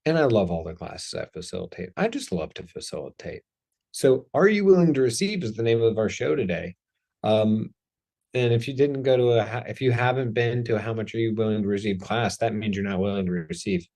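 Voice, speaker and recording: Low-voiced man hosting a chatty show. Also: expressive, brisk, gravelly, a little mellow. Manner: playful, chatty, self-deprecating. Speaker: host. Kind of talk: casual talk show monologue.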